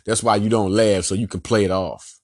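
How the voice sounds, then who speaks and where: A man with a Philadelphia accent hosting a sports podcast, ranting in an animated, emphatic, slangy way and repeating his points. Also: on the low side, brisk, no echo, clean studio sound. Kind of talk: casual sports rant.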